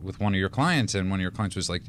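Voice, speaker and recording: A man's voice: deep voice, animated, fast, a little hiss or hum. Rambling, laughing male radio co-host. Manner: rambling storyteller with many restarts and laughs. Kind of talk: casual radio talk show chat.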